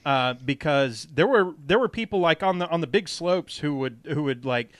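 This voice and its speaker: A man's voice: fairly high pitch, expressive, normal speed, no echo. Chatty man hosting a podcast, dry sound. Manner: chatty storyteller who laughs often. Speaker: podcast host. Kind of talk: casual chat.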